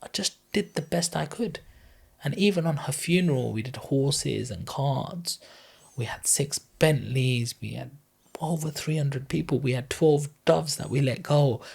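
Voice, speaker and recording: A man's voice: mid-range voice, a little slow, creaky, darkish tone, slightly rough. A man in his thirties, a podcast guest telling an emotional personal story in an earnest, heartfelt, rambling way. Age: 30s.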